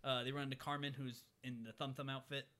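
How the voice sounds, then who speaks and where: A man's voice: mid-range voice, quick pace, a crowd in the background. A young man chatting casually as he recaps a movie, acting out the characters' lines as he goes. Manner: animated storyteller, acts out characters' lines.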